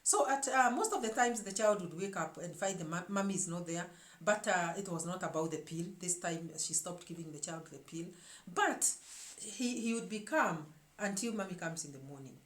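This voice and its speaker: A woman's voice: fairly low pitch, expressive, moderate pace. A woman hosting her own show, telling a story to her viewers in an emphatic way and often repeating words as she searches for the next one. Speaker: show host. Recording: echoey room.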